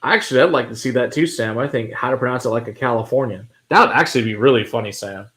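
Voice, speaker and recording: A man from Texas with a Texan accent, co-hosting a whiskey show in relaxed, joking chat and swearing freely. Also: mid-range voice, fast. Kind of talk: casual chat.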